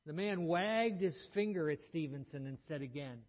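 Male pastor, earnest sermon delivery, slightly higher voice, dull recording. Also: lively intonation, moderate pace. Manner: earnest storytelling with frequent restarts. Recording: muffled sound in a reverberant hall.

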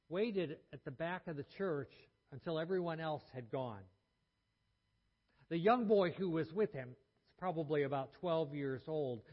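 A man preaching a sermon, telling a story earnestly and often restarting his words. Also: on the high side. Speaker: pastor. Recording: muffled sound in a reverberant hall.

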